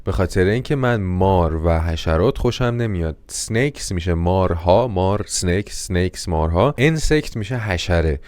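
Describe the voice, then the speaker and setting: A native Persian-speaking man teaches English in an online class and rattles through his explanations at a very fast clip. His voice sits a little low. He says each English sentence slowly, then races through the translation. The sound is dry and close. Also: lively intonation, a little mellow, no echo.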